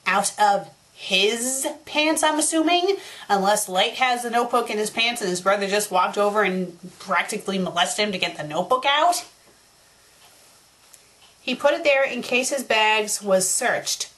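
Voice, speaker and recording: A woman's voice: mid-range voice, moderate pace, a bit bright. A woman hosting a critique show, reading a bad fanfiction aloud and breaking off into exasperated, mocking rants. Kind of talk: sarcastic dramatic reading with commentary.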